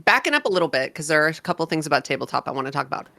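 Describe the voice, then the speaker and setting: A woman's voice: sits low, very animated, rapid-fire, creaky, bright, forceful tone. A woman streamer hosting a casual chat, talking in a chatty, enthusiastic way. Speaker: streamer host.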